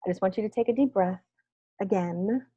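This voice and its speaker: A woman therapist leading a wellness workshop discussion, speaking gently and reflectively and often checking in with "right?". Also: medium pitch, moderate pace, husky, no echo. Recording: dull lo-fi video call audio.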